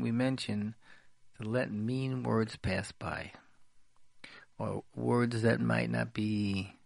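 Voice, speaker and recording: Gravelly man repeating his advice. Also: mid-range voice, no echo. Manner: repetitive, emphatic, repeats phrases. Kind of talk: radio talk, spoken advice.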